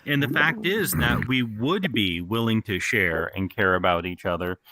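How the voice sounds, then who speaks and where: A man's voice: lowish voice, animated, normal speed, sharp tone, no echo. A man in casual chat, reflectively explaining ideas at length.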